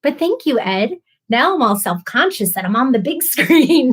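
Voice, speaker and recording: A woman's voice: high voice, sing-song, moderate pace, husky. A woman hosting a casual live stream, reading viewer comments aloud, chatty and emotional, laughing often and stumbling over names.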